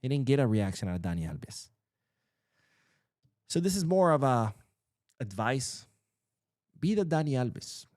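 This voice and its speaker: A man's voice: medium pitch, sing-song, unhurried, long pauses, darkish tone, no room sound, studio quality. A man hosting a football news show, ranting bluntly and profanely about the rules. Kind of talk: ranting commentary.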